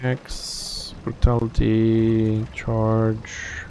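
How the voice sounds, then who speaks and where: A man live-streaming an online game, commenting as he plays, jumping from quiet muttering to excited outbursts. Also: lowish voice, very slow, a little hiss or hum. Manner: excitable, reacts loudly to the game, then mutters to himself.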